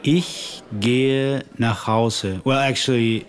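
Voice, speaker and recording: A man's voice: mid-range voice, steady tone, slow. A man with a German accent teaching German phrases in a casual lesson, dry and teasing. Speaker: German tutor and co-host. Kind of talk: casual language lesson chat.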